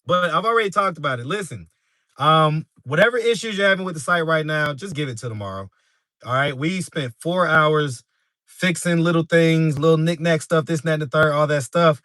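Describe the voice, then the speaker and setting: Brief: easygoing male host chatting live with viewers, bright tone, dry close sound, laughs easily. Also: fairly high pitch, normal speed, no echo. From New York. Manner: laid-back, laughs often, talks straight to the chat. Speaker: street interview channel host. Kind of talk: casual livestream chat with viewers.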